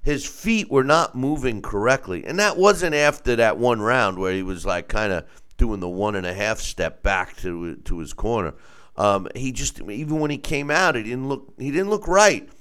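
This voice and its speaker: A man's voice: medium pitch, lively intonation, moderate pace, fairly bright tone, smooth. A man hosting a casual boxing commentary show, giving blunt, opinionated takes.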